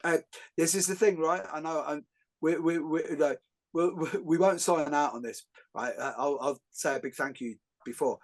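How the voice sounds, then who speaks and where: A middle-aged man, hosting a podcast and telling jokey stories in a lively, rambling way with many fillers and restarts. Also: fairly high pitch, moderate pace. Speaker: podcast host. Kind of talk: casual podcast conversation.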